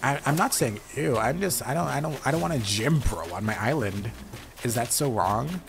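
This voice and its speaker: A man's voice: medium pitch, animated, normal speed, creaky. A man giving playful, chatty commentary while streaming a game, talking back to the characters on screen. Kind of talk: casual gameplay commentary. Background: game music.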